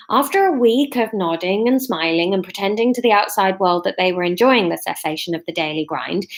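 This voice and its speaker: Self-mocking woman reading her own novel. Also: medium pitch. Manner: self-mocking, laughs at herself. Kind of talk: live-streamed reading. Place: her living room.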